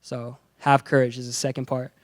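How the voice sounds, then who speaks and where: A young man giving a youth sermon, energetic and playful, acting out the characters in his stories with slang. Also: medium pitch, moderate pace. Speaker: youth pastor.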